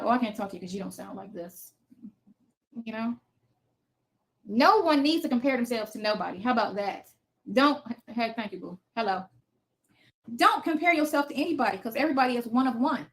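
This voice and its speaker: A woman in her fifties hosting a casual livestream from her basement, talking bluntly and cursing freely as she answers viewers' comments. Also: sits high. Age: 50s. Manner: blunt, profane, defiant. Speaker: livestream host. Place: home basement.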